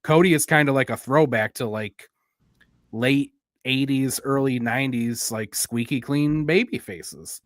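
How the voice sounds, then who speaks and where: A man with a middle-range voice lays out his reasoning about wrestling at an even pace. He sounds measured and explanatory. The recording is dry and close. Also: medium pitch, no room sound. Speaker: podcast co-host. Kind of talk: casual wrestling analysis.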